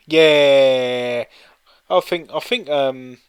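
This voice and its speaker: A man's voice: mid-range voice, a little slow, sharp tone, dry recording. A man co-hosting a live stream, reading quiz questions aloud with jokey asides in casual chat. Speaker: co-host playing a teletext quiz on stream.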